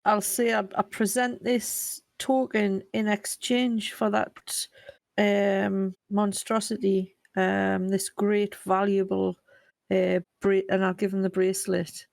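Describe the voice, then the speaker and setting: Woman playing a tabletop game, really flat and slow, bit gravelly. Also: medium pitch, no echo. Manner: hesitant, searching for words. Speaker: player. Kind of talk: casual chat in a tabletop game.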